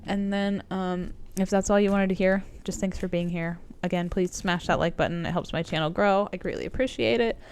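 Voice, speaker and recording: A woman's voice: fairly low pitch, steady tone, a little fast, hardly any pauses, a little mellow, a little hiss or hum. A woman with a cold giving a casual, meandering tarot reading to her viewers, with lots of "like" and "um". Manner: chatty, meandering, frequent "like" and "um". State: sick with a cold. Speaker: tarot reader and coach.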